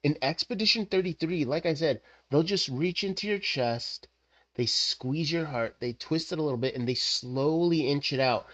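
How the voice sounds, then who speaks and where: A man streaming live, chatting casually in an animated, rambling way with lots of fillers. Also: on the high side, moderate pace, hardly any pauses.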